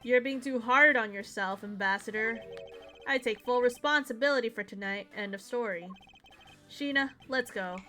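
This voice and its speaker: A woman's voice: on the high side, moderate pace, pushed and bright, slight background noise. A woman reading the lines of a proud, stern young male agent from a game, in close to her own voice. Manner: reading game dialogue aloud.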